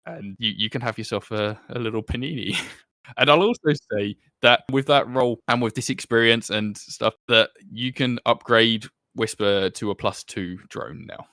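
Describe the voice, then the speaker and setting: A man narrating as game master of a tabletop game in a relaxed, chatty way, often laughing. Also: mid-range voice, normal speed, no echo, clean studio sound.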